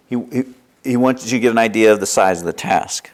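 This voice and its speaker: A man preaching a sermon, lively and storytelling, acting out little dialogues as he explains a passage. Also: on the low side, brisk. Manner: lively preaching, acts out dialogue with God in his stories. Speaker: pastor.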